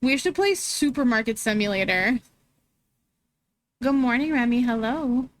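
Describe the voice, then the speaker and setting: A woman's voice: a little high, expressive, a little slow. A young woman streaming, chatting casually with her viewers and laughing often as she reads chat aloud.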